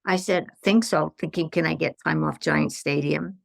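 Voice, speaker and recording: Gravelly-voiced older woman telling stories. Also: low-pitched, moderate pace, no echo, studio quality. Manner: animated anecdotes with acted-out quotes. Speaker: guest, stress management consultant. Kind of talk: storytelling in a podcast interview.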